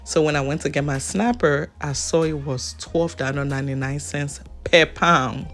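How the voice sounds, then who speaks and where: A woman's voice: low-pitched, normal speed, a bit bright, soft background music. A woman from Africa with an African accent, chatting casually to her viewers in a vlog and laughing often. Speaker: vlogger.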